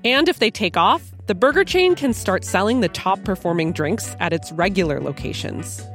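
A woman radio reporter delivering a scripted news story in a crisp, expressive way. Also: medium pitch, moderate pace, soft background music.

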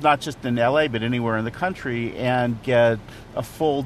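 A man's voice: medium pitch, a little hiss or hum. A man working as a restaurant critic, talking casually and knowledgeably about food, thinking aloud with the odd filler, recorded first in a car at a drive-thru and then in a restaurant. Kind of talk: casual conversational explaining.

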